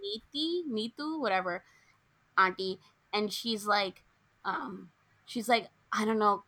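Bright, chatty woman who retells a story and plays out its dialogue; casual podcast co-host. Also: mid-range voice, slow pace. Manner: chatty storyteller, acts out the characters' lines. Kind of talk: casual chat recapping a film.

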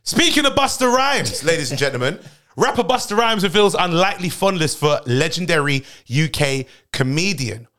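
A British man hosting a podcast, chatting casually in a rowdy, high-energy way and laughing often. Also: sing-song, normal speed, pushed and bright. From United Kingdom. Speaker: podcast host.

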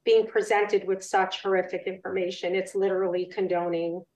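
A woman appearing as a guest parent, recounting her experience in an earnest, steady way. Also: mid-range voice, moderate pace. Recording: distant, roomy, dull remote audio.

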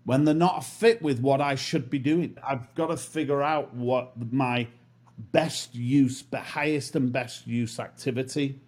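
This interview guest, a man in his fifties, speaks at a measured pace in a steady, mid-range voice that's a little mellow. He reflects on what he's learned, musing and poking fun at himself.

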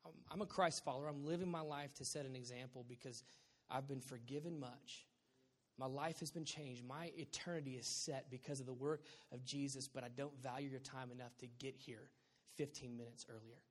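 A man in his thirties preaching a sermon as a pastor, animated and joking, with sudden loud bursts. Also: mid-range voice, brisk. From Southern California. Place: church sanctuary. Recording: long hall reverb.

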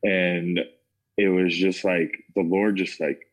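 A man with an American accent and a notably deep, low voice recounts his past in a loose, conversational way. He speaks casually, leaning on fillers and restarts as he tells his testimony to an interviewer. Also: flat delivery, takes it slowly, low-quality recording. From United States. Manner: casual, filler-heavy, says "like" and "man" often. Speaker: interview guest. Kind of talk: personal testimony storytelling.

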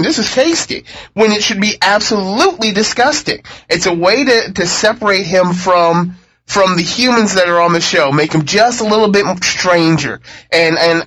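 A man with a high, bright, forceful voice hosts a relaxed podcast panel. He runs the rounds of votes and muses aloud about his picks. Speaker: podcast host. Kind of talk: casual panel chat.

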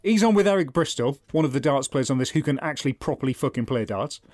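A man's voice: mid-range voice, lively intonation, fast talker, darkish tone, no room sound. A man trades dry, sardonic jabs in a casual comedy chat and swears freely. His voice sounds close and dry, with no room around it. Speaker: podcast co-host.

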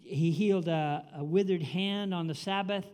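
Pastor, 70s, male, high-pitched, chatty and exclamatory from the pulpit. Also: normal speed, darkish tone, clean tone. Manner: exclamatory, conversational preaching with asides. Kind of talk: sermon.

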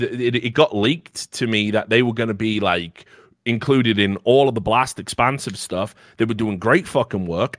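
A man's voice: medium pitch, a bit bright, no echo, clean studio sound. A man on a podcast in casual, opinionated chat, ranting bluntly and swearing freely. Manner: blunt and profane, heated ranting. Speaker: podcast host.

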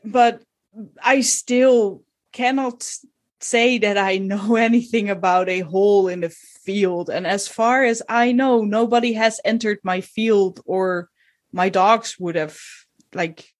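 A woman's voice: medium pitch, takes it slowly, lightly acted. Woman doing a stammering flustered farmer. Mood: defensive. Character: flustered middle-aged male potato farmer.

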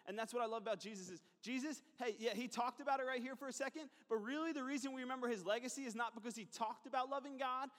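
A man with a very high voice delivers a sermon as a pastor. He keeps it conversational, with asides, repeated phrases and quick questions to the crowd. His voice rings out with a long reverb in a church hall. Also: a bit bright.

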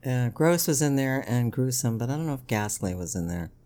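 A woman's voice: very deep voice, animated, a little fast, dark tone. Woman, middle-aged, podcast co-host, casual chat, teasing, laughs a lot. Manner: chatty, teasing, laughs often.

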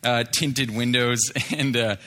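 A man's voice: mid-range voice, steady tone, takes it slowly, bright, forceful tone. A man telling a story from street ministry, with many fillers and restarts, acting out what others said. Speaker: street evangelist telling a testimony. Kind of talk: spoken testimony story.

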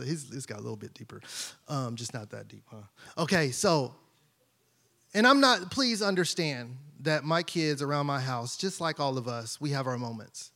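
A pastor with a notably high voice gives a loose, conversational sermon. He jokes and keeps asking the room if they follow him. His high register stands out even in casual talk. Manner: conversational, playful, asks the congregation questions.

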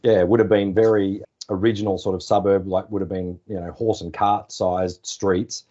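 An Australian man in his forties, a former sports journalist, telling relaxed anecdotes in a podcast interview. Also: low voice, moderate pace. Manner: relaxed, anecdotal, acts out quoted phone calls. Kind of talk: casual storytelling interview. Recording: slightly dull podcast audio.

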